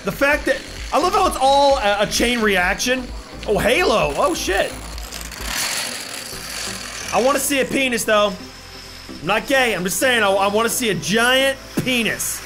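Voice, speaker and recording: A young man joking through casual gaming commentary who keeps bursting into excited shouts. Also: very high-pitched, a little slow, long pauses, soft background music. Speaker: YouTuber.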